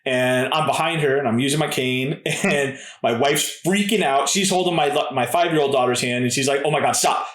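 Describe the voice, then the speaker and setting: A relaxed man in his thirties chats easily as a podcast guest, with a voice sitting in an ordinary middle pitch. He keeps slipping in "dude" and "man". The room around him rings with plenty of echo. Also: normal speed, hardly any pauses. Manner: laid-back, says "dude" and "man" often. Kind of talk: casual storytelling.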